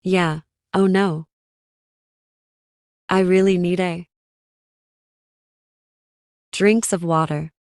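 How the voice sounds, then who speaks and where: A cartoon girl with the hiccups, voiced by a woman, talking slowly and plaintively in a lowish voice. The sound is dry, close and studio-clean. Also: steady tone, a little mellow, clear, resonant tone, dry recording. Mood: worried.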